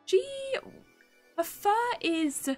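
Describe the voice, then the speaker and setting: A woman's voice: very high voice, extremely slow, a little mellow. A young woman chatting casually as she plays a game, musing aloud and thinking through her choices. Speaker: gaming YouTuber. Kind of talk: casual gameplay commentary. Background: faint game music.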